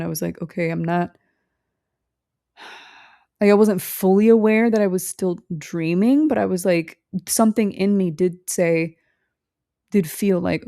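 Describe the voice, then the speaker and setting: A woman's voice: fairly low pitch, dark tone, dry recording, clean studio sound. A young woman vlogger telling a rambling story in a casual, chatty way, full of fillers and restarts and the odd swear.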